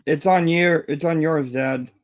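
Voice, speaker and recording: A man's voice: fairly high pitch, a little slow. A man hosting a casual livestream, easygoing as he reads out viewer names. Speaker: stream host.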